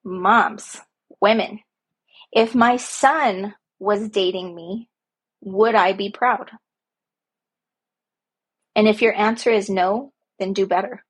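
A woman talks slowly in a personal, reflective monologue, her voice a little husky. She speaks earnestly from the heart and leans on repeated phrases for emphasis. She sounds like a parent speaking about her own life. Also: medium pitch, steady tone. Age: young adult to middle-aged, a parent. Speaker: podcast host.

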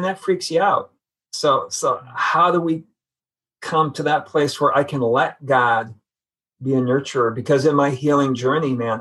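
A man's voice: mid-range voice, a bit bright, slightly rough, low-quality recording. A man giving an earnest, reflective personal testimony as a guest in a conversation. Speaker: podcast guest.

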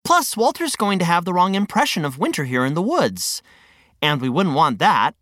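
A woman voicing a friendly, patient male guide who gently explains things. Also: lowish voice, very animated, moderate pace, no room sound, clean studio sound. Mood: gentle.

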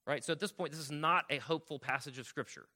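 A man's voice: a little high, sharp tone. A man preaching a sermon as a pastor, reading scripture aloud and explaining it in an earnest, teaching manner that keeps checking in with the congregation. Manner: reads scripture aloud, slowing on key lines.

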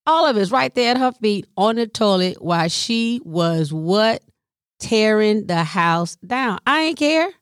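A middle-aged woman caring for her mother, telling a personal story in an animated, colloquial way and sometimes dropping into a whisper. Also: mid-range voice, unhurried, no echo, studio quality. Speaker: family caregiver.

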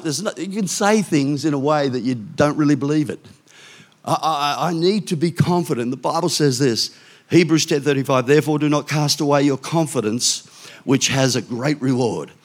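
Older male pastor, conversational sermon, frequent restarts and asides. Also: medium pitch.

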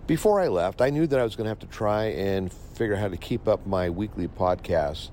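A man speaks a casual voice memo into his phone on a ship at sea, sounding groggy in the early morning. His voice is low and his manner wry and unhurried, with a faint engine rumble behind him. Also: animated, mellow. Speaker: podcast host. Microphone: phone recorder.

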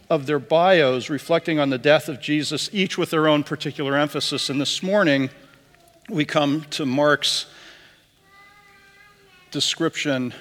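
Pastor guy reading scripture slow and solemn, voice a bit high for a man, big church echo. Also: a bit bright. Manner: solemn, measured reading aloud. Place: church sanctuary. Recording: long reverb of a church hall.

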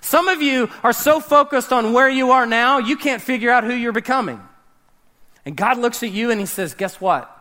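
A man preaching a sermon, animated, swinging between loud emphasis and hushed, dramatic drops. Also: very high-pitched, moderate pace. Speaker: pastor.

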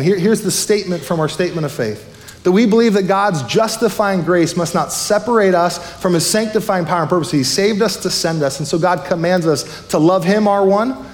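A male pastor with a high voice preaches with energy and speed, his words tumbling out as he presses his points. His sermon rings out through a church hall, trailing a long reverb. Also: darkish tone. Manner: fired up, fast-talking preacher. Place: church sanctuary.

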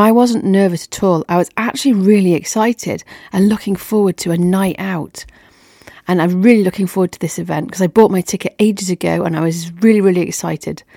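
A woman's voice: mid-range voice, creaky, dark tone, no room sound, clean studio sound. A woman telling a personal story on her podcast in an upbeat, chatty way.

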